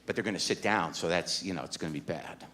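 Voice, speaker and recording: A man's voice: sits low, quick pace, fairly bright tone, a little hiss or hum. A middle-aged man performing stand-up comedy, telling a story in a rambling, anxious and emphatic way. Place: comedy stage.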